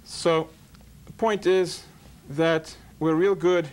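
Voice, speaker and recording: A man's voice: fairly high pitch, fairly even intonation, slow pace, darkish tone. A man who is a rabbi hosting an interview show, telling jokes and parables in a folksy, sermon-like way. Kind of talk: sermon-like storytelling monologue.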